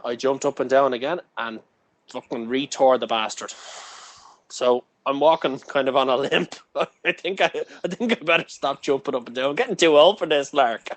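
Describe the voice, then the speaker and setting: A man's voice: medium pitch, a bit bright, dry recording, rough recording. Rambling sweary man, dry sound. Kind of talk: casual chat.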